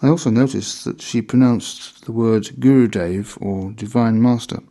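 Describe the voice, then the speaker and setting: A man reading a memoir aloud in measured, deliberate scripted narration. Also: medium pitch, dark tone.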